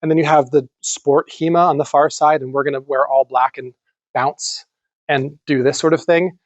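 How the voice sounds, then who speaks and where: A man giving a conference lecture in an animated, conversational way, with some casual swearing. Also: fairly high pitch, moderate pace, dry recording, lo-fi sound. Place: lecture room.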